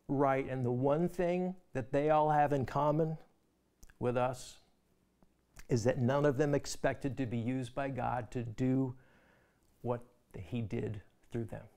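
A male pastor preaching a sermon in a conversational way, often repeating words as he starts a phrase and dropping to a soft, quiet voice for emphasis. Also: medium pitch, fairly even intonation, slow pace, clean tone.

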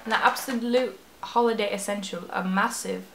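A woman's voice: medium pitch, fairly even intonation, normal speed, close to an everyday voice. A dramatic female game narrator in a mock British accent, put on badly by a young woman reading aloud. The reading is overdone, with a roomy echo and a faint hiss behind it. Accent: attempted British, put on badly.

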